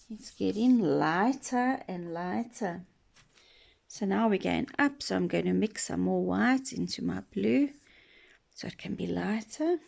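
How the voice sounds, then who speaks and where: A woman giving a patient painting lesson for children, gently asking questions and dropping to soft whispers as she works. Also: medium pitch, gravelly. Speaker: children's art teacher. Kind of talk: slow painting demonstration for children.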